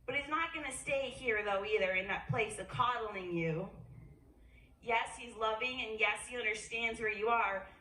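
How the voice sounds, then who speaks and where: A woman giving an informal sermon, animated, acting out quoted voices with jumps in pitch. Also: normal speed. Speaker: speaker at a worship gathering. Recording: echoey room, voice from a distance.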